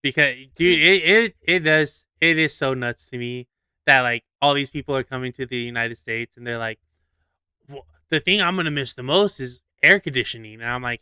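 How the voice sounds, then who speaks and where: A man's voice: mid-range voice, normal speed, clear, resonant tone, no room sound. A young man co-hosting a podcast, chatting casually and acting out a skit with voices. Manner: animated storyteller, acts out skits with voices. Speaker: podcast co-host. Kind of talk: casual chat.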